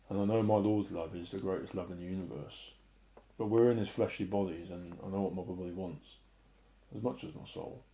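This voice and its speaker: Low gravelly middle-aged guy, earnest emotional testimony, kinda mumbly at times. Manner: emotional, earnest, often drops to a soft murmur. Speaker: Christian speaker. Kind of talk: personal testimony and preaching.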